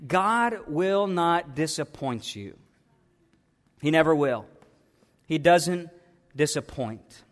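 A man's voice: a little high, lively intonation, slow, pauses often. Impassioned man preaching in a hall. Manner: impassioned preaching, pleading and emphatic. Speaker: pastor. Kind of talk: sermon.

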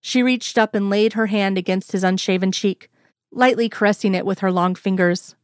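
A woman reads an audio story aloud in a calm, measured manner. Her voice sits in a middle range for a woman. The recording is close and dry, with no room sound. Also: mid-range voice, no room sound. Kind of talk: audiobook narration.

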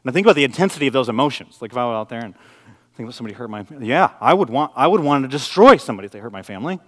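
A middle-aged man from the Detroit area, a pastor preaching a sermon, moving between loud, intense passages and quiet, intimate ones. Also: mid-range voice, expressive, rapid-fire, in a large hall. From Detroit area, USA.

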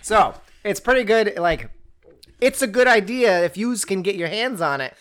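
A co-host in casual book talk, rambling and animated, breaking off mid-sentence and starting again. The voice sits in a middle range, neither high nor low. Jokes and quoted asides run through the chat. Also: normal speed. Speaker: podcast co-host reviewing a book.

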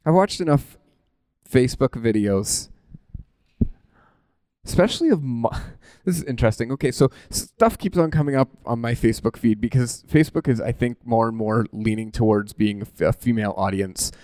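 A man preaching a conversational sermon in an animated, informal way, often breaking off mid-thought and laughing at himself. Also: mid-range voice, normal speed, dry recording.

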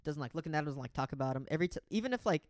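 In a casual chat, a young man rambles through a long story, swearing freely, restarting often and acting out quotes. He talks very fast in a fairly high, expressive voice, captured in a dry, studio-quality recording.

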